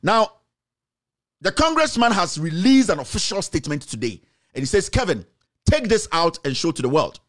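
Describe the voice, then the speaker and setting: A man's voice: sits high, very animated, normal speed, a bit bright. A man with a Ghanaian accent giving heated political commentary, scolding and emphatic, mixing in Twi phrases.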